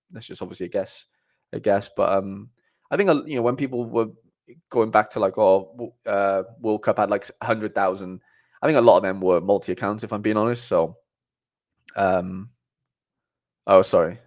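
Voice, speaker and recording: A young man hosts a live stream on his own and chats through viewer comments. His voice sits a little low. He talks in a loose, rambling way, full of fillers and restarts. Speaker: livestream host.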